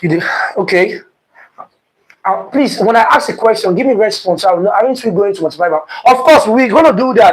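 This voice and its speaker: A man's voice: sits high, expressive, rough recording. A man teaching an online exam-prep physics lesson, repeating terms and quizzing students with "what?" questions. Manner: speeds up and slows down, stressing terms.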